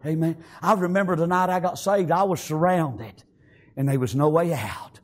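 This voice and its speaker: A male preacher with a notably high voice delivers a fiery sermon. He climbs to shouted peaks, then falls back to low, hushed asides. Amens punctuate nearly every turn. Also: normal speed.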